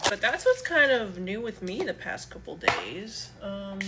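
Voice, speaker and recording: Young woman vlogger, blunt chatty talk, animated pitch, noisy ambience behind. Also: slow, few pauses. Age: young adult. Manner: chatty, blunt, swears freely. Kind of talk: casual get-ready-with-me chat.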